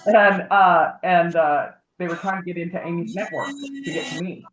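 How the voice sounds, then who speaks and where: A woman's voice: fairly low pitch, moderate pace, slight background noise. A woman guest telling a long story in casual livestream talk, rambling and acting out the voices of the people she quotes. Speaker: guest, advocate for harassment victims. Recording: tinny phone-like echoey audio.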